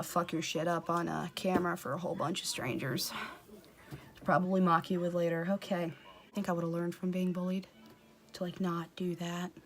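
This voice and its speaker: A woman doing a casual, comedic makeup tutorial, swearing freely, mocking herself and often dropping into a whisper. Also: fairly low pitch. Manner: profane, self-mocking. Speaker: makeup vlogger.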